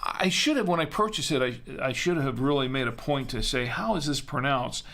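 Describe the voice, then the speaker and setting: A man's voice: mid-range voice, lively intonation, moderate pace, a bit bright. A man hosting a casual live-stream wine show, chatty and self-deprecating, rambling with lots of fillers.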